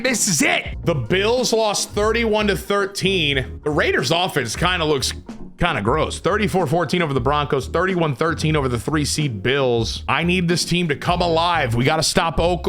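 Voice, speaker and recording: High, lively hype-man game commentator. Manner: swings from loud hype to low muttering. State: sweaty and tired from long recording. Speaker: gaming YouTuber. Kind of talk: excited video game commentary. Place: his room.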